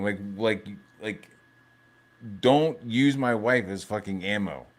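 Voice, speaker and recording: Brief: male stream host, lowish voice, profane and rambling, casual live chat. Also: takes it slowly. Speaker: livestream host.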